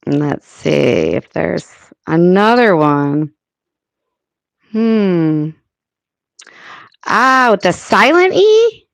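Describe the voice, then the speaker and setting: An American woman hosting a casual live chat with her viewers, thinking aloud and filling pauses as she works things out. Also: fairly low pitch, big pitch swings, creaky, no echo. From United States. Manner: chatty, thinking aloud with many fillers. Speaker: livestream host.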